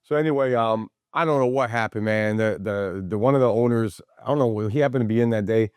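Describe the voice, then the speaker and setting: A man hosting a casual podcast chat, telling stories in a hyped, profane, energetic way. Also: on the low side, a little fast, clear, resonant tone, no room sound. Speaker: podcast host.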